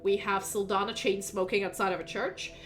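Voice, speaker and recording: A woman's voice: medium pitch, fairly even intonation, fairly quick. Casual woman running a tabletop game. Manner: casual, hesitant, many fillers. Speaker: game master. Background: faint background music.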